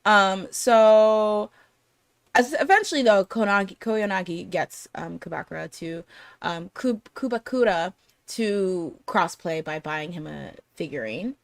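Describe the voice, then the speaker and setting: A woman's voice: mid-range voice, measured pace, gravelly, no echo. Chatty woman host, dry close sound. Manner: chatty, lots of fillers and laughter. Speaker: podcast host. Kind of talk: casual chat.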